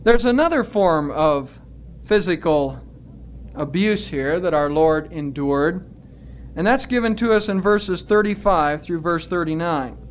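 A man preaching a sermon as pastor, earnest and emphatic, stretching out his words with pauses. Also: fairly high pitch, animated, a little hiss or hum.

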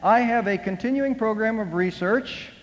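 A male pastor voicing a proud, quick-witted young mother in a sermon story, answering cool and self-assured. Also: high-pitched, dull audio, natural voice. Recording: long hall reverb.

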